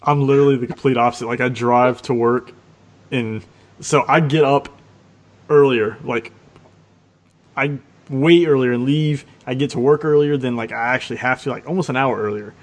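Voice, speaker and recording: Animated man telling a story on a podcast. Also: medium pitch, moderate pace. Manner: animated storyteller, laughing as he talks. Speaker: podcast co-host. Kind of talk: casual podcast chat.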